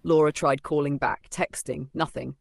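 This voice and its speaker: A man reading a dramatic story as narrator in steady, scripted storytelling. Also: fairly high pitch, moderate pace, gravelly, dry recording.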